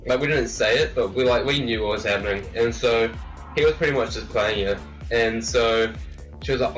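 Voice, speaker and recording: A man's voice: mid-range voice, normal speed, a bit bright. A teenage man casually telling a story as a vlogger, rambling with lots of "like" fillers. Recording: distant mic with faint music.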